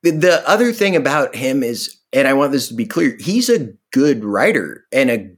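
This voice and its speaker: A man's voice: mid-range voice, normal speed, husky. A man from Virginia chatting casually as a podcast co-host, telling stories with acted-out quotes and swearing. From Virginia, USA. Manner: animated storyteller, acts out quoted voices, swears. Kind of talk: casual chat.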